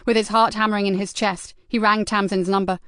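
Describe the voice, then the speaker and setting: A woman with a mid-range voice reads an audiobook in an even, measured storytelling manner. The scripted narration is recorded dry, with studio quality.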